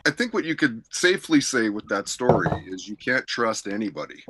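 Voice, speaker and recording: A man hosting a podcast, asking questions in a relaxed, wry way. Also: lowish voice, a little fast, very noisy. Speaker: podcast host. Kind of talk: casual interview.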